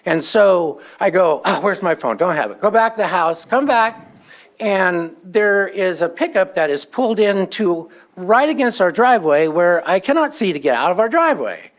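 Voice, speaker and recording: High-voiced man airing a neighbor complaint. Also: animated, normal speed. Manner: aggrieved storytelling, acts out quoted exchanges. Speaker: neighbor giving public comment. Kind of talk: public comment at a meeting.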